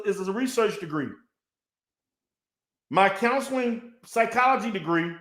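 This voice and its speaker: A man's voice: high-pitched, sharp tone. A man ranting in a response video, profane and mocking, heated and insulting. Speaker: online commentator. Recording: echoey room.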